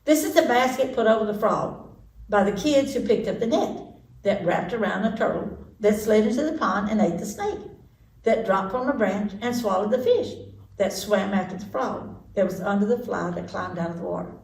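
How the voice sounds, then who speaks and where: A woman reads a picture book to children in a lively, playful way, adding sound effects as she goes. Her voice sits at a medium pitch. The room is echoey and she is some distance from the mic. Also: normal speed, gravelly, a little hiss or hum. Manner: animated, lively read-aloud with sound effects. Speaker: library storytime reader. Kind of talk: children's storytime reading.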